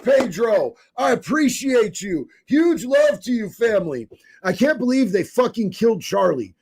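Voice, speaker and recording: A man's voice: high voice, darkish tone. A man from Oregon reading viewer comments on a live stream, fiery, profane and emphatic.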